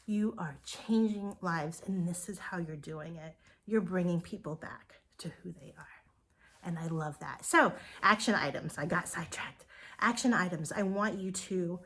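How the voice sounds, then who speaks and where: A woman in her forties leading a sales team, giving an earnest, emotional motivational talk that now and then drops into breathy whispers for emphasis. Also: lowish voice. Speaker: direct sales team leader.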